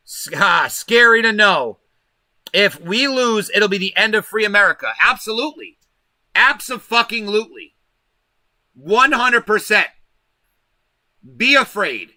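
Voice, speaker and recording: Man hosting a livestream, high and piercing voice, dry close sound, preachy profane ranting. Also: big pitch swings, unhurried, pauses often, bright, forceful tone, dry recording. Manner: profane, emphatic, preaching to viewers. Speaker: livestream host. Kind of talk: ranting political livestream monologue.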